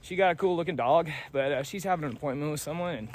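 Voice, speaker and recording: A man talks to his handheld camera while out on a long hiking trail. His voice sits a little high, and his manner is relaxed, slangy and quick to laugh. Faint outdoor noise hangs under the recording. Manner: laid-back, laughing, slangy. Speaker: thru-hiker vlogger. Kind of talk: casual trail vlog. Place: outdoors at a forest campsite.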